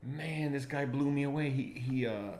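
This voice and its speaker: A man with a medium-pitched voice, a comedian guesting on a podcast, tells stories in casual conversation. He halts and repeats words but grows lively whenever he quotes other people.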